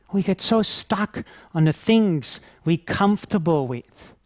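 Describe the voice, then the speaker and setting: A man teaching Reiki at a conference, telling stories in a lively, laughing way and acting out scenes as he talks. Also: on the high side, slow, no room sound, clean studio sound. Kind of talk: conference talk with anecdotes.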